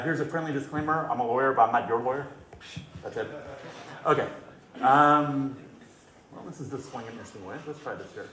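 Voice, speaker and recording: A man's voice: mid-range voice, fairly bright tone, slight background noise. A male lawyer giving a conversational conference presentation, telling anecdotes and polling the audience. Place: conference hall. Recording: echoey hall with faint ambience.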